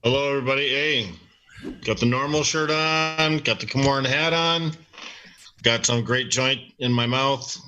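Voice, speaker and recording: A man, a former news director and guest, greeting a live talk show in a relaxed, upbeat way. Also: medium pitch, a little slow, highs cut off.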